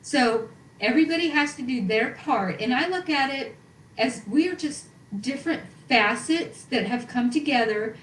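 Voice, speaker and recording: A woman's voice: high-pitched, animated, normal speed, fairly bright tone. A woman guest on a Christian podcast, speaking earnestly and reflectively about faith. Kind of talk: faith testimony chat. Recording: echoey room from far off, faint noise.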